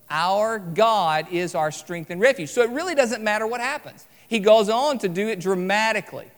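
A man preaching an evening sermon, earnest and emphatic, slowing down to stress key phrases. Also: high-pitched. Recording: long hall reverb.

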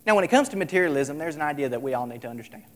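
A man preaching a sermon, emphatic, repeating his lines and swinging between loud and soft. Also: on the high side, animated, racing. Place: large hall, tonight service. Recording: echoey hall with long reverb.

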